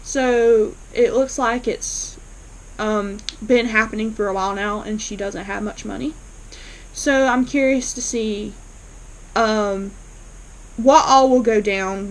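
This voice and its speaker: A woman's voice: on the high side, rough recording. A woman casually recapping a TV episode for her channel, retelling the plot in a chatty way with lots of fillers. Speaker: TV episode reviewer.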